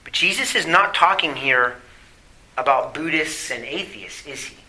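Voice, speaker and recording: In a bright, sharp, somewhat high voice, a pastor preaches animatedly but without hurry, driving home points with rhetorical questions and emphatic scripture readings before slipping into quieter asides. The recording is low quality.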